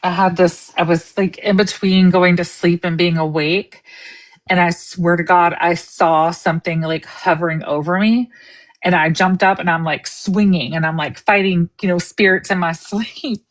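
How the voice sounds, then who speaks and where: A woman's voice: lowish voice, steady tone, normal speed. A woman co-hosting a casual livestream chat, speaking in a reflective, thoughtful way about personal experiences.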